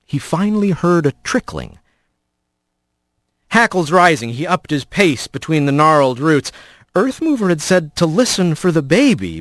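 Expressive male audiobook narrator. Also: fairly high pitch, no echo, clean studio sound. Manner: expressive storytelling, voices the characters.

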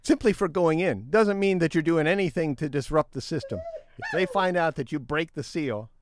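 A man's voice: on the high side, moderate pace, noisy background. A middle-aged man co-hosting a casual news talk show, reading headlines and then riffing on them in a chatty way.

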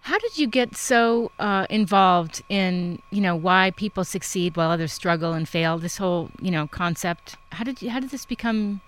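A woman's voice: on the low side, moderate pace, hardly any pauses, clean tone. A woman interviewer chatting casually, telling a personal story with many affirming murmurs. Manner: warm conversational storyteller, frequent affirmations.

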